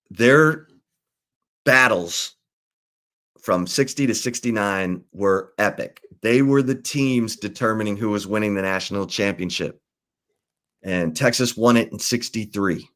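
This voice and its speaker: A male sports talk host with a somewhat low voice, chatting casually through old football history. He rambles a bit, backs up and restarts, and leans on fillers as he spins the story. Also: slow, long pauses, fairly bright tone.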